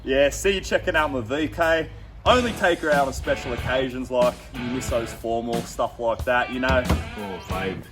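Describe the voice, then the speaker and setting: An Australian man playing a loud, crude, boastful car fanatic in a comedy sketch, swearing constantly. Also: medium pitch, normal speed, music in the background, lightly acted. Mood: brash boasting.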